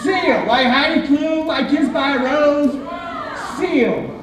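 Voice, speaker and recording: A man's voice: very high voice, slow, noisy background. A man performing a live stand-up routine on a theatre stage, telling chatty, self-mocking stories. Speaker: stand-up comedian. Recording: echoey theatre from far off.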